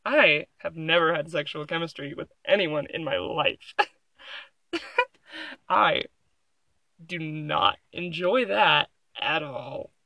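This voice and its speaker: A young adult vlogger sits in a room at home and reads an article aloud into her phone, breaking in with sarcastic, giggly, rambling reactions. Her mid-range voice is animated, bright and forceful, moving slowly with frequent pauses and some vocal fry. The recording is dry.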